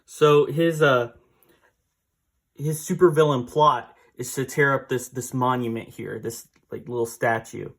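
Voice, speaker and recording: A man's voice: medium pitch, steady tone, unhurried, creaky, fairly bright tone. A man casually recapping a comic book issue, rambling with fillers and small laughs.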